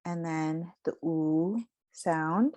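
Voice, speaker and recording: A woman giving a phonetics lesson, slowly modeling vowel sounds and example words. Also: low-pitched, mellow. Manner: slow, careful, modeling sounds. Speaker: teacher.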